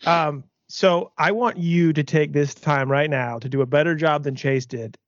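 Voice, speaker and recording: A man's voice: fairly high pitch, moderate pace, dry recording. A man hosting a casual podcast, asking questions in a loose, joking, profane way. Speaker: podcast host. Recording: dull lo-fi audio.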